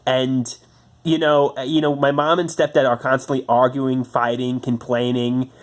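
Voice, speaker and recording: A man's voice: mid-range voice, flat delivery. A man venting about his home life in a personal monologue, stammering through restarts and swearing often. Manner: halting, stammering restarts, frustrated. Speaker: vlogger.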